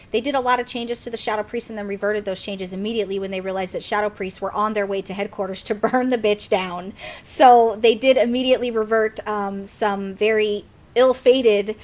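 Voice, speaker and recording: A young woman hosting a casual gaming podcast, chatty and quick to laugh as she reads listener mail. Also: fairly high pitch, a little hiss or hum. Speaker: podcast host.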